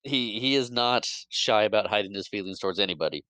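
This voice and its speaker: A man with a slightly low, bright voice retells movie scenes on a podcast, slipping into the characters' lines as he goes and laughing along. The recording is dry and close, with no room sound. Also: expressive, fast, smooth, no room sound, low-quality recording. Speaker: podcast co-host. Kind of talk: casual movie recap chat.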